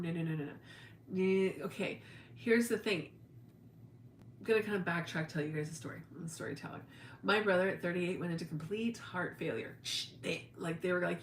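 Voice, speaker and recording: A middle-aged woman hosting a casual spiritual livestream, chatty and emphatic, acting out the people she quotes. Her voice sits a little low. The room is echoey, with a faint hum of ambience behind her. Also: normal speed. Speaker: spiritual teacher, livestream host.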